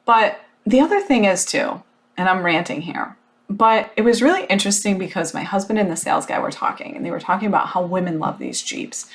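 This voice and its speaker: A woman in her thirties hosting a podcast, telling a personal story in a casual motivational monologue, animated and frank, with plenty of fillers and the odd swear word. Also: medium pitch, a little fast. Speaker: podcast host.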